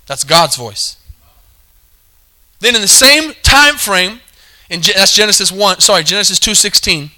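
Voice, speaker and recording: A man's voice: high-pitched, lively intonation, unhurried, bright, forceful tone. A man preaching a sermon, calling for amens, repeating his points and correcting himself mid-sentence. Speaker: pastor.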